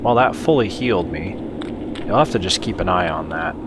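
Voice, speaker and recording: A man's voice: sits low, lively intonation, brisk, very noisy. A man hosting a game playthrough, chatting and joking with mild swearing as he plays. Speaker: let's play host. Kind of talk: casual gameplay commentary.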